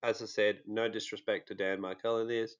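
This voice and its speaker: Joking Australian man with a lowish voice. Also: fairly quick, clear, resonant tone, dull audio. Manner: joking, animated, with many fillers. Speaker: true crime vlogger. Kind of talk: casual monologue to camera.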